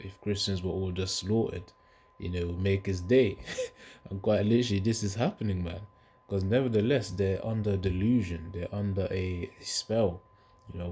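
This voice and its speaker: Brief: low, monotone male host, rambling casual commentary, faint background noise. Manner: rambling, loose, peppered with filler asides.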